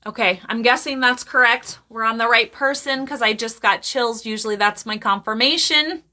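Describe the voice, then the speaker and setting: A woman psychic medium giving live readings to viewers in a chatty, animated way, often breaking into laughter and quick asides to the chat. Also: a little high.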